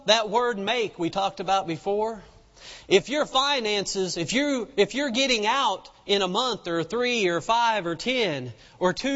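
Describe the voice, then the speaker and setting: A man preaches a sermon in a noticeably high voice, retelling scripture in homespun words and building to fervent emphasis. His voice rings out with a long reverb, as in a large hall, and the recording sounds muffled and dull. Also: fairly bright tone. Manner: retells scripture in plain folksy speech, rising to fervent emphasis.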